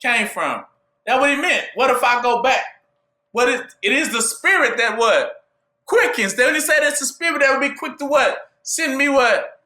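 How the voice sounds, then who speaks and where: A man preaching a call-and-response sermon, asking "what?" for the listeners to fill in and rising to shouts at his peaks. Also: very high-pitched, animated, moderate pace, reverberant. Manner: asks "what?" for the audience to fill in.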